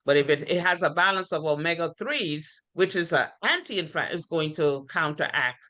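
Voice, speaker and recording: A woman hosting an online talk show, calmly explaining a health point over a video call. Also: sits low, brisk, dry recording.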